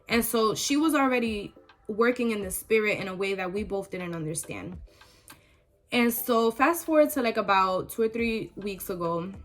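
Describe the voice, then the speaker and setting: A woman's voice: medium pitch, a bit bright. A young woman vlogger telling a personal story in casual, emotional talk with many fillers.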